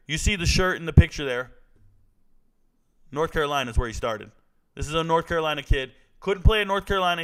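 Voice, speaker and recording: A man with a high-pitched voice runs through football players in loose, casual commentary. He is blunt and joking, with a trash-talking edge. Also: fairly bright tone. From Southern California. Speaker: sports commentary host.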